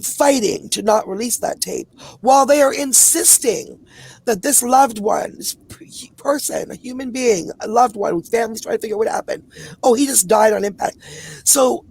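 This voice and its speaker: Gravelly, husky Canadian woman activist. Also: fairly high pitch, expressive, a little mellow, no echo. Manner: rapid, emphatic, run-on storytelling with many asides. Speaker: publicist and activist guest. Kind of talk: impassioned podcast conversation.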